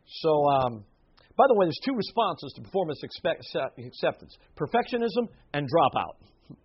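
A man's voice: on the high side, very animated, normal speed, breathy edge, highs cut off. A man preaching a sermon in an earnest, emphatic way, with asides and short laughs.

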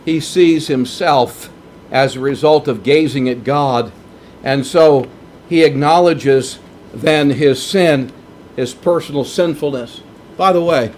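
A man's voice: fairly high pitch, slight background noise. A middle-aged man preaching a sermon, earnest and emphatic, repeating his key points. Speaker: pastor.

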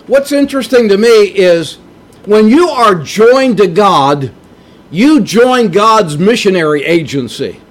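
A man preaching a sermon in a slow, emphatic way, with big swings in pitch for emphasis. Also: lively intonation.

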